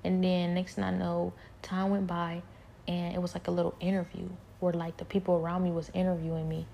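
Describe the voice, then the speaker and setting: Woman rambling through her spiritual testimony, gravelly low voice, keeps going soft and whispery. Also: monotone, fairly quick, slight background noise. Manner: soft-spoken, often trailing into whispers; rambling, many fillers and repeats.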